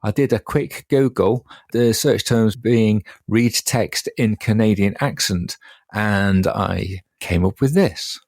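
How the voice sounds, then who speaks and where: Man, podcast co-host, low gravelly voice, rambling casual chat. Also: slow, darkish tone, dry recording, studio quality. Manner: rambling, hesitant with fillers.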